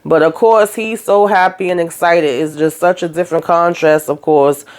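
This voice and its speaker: A woman's voice: on the low side, steady tone, normal speed, darkish tone. Woman, recap host, sassy, blunt, casual commentary, talks to the cast.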